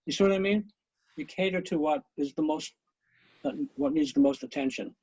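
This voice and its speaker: A man's voice: high voice, sing-song, normal speed, creaky, darkish tone, slightly rough. A man teaching an online conducting class over a video call, coaching students and counting beats aloud, with chatty asides. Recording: muffled lo-fi video call audio.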